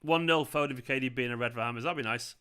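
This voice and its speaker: Mancunian male stream host, bright clear tone, loose and chatty with his viewers. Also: mid-range voice, very fast. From England. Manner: chatty, rambling, reads out chat comments. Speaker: fan channel host. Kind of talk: casual live watchalong chat. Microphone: earphones with mic.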